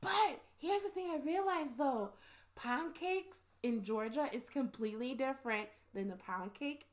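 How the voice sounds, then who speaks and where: A woman's voice: high-pitched, unhurried. A woman guesting on a podcast, chatting casually in a playful, upbeat way. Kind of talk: casual chat.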